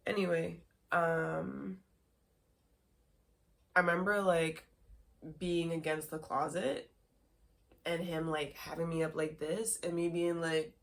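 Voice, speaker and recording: A woman podcast host speaking candidly in a lowish voice with a gravelly edge. She rambles, leans on filler words and breaks into nervous laughs. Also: steady tone, slow pace, pauses often. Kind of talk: candid personal storytelling.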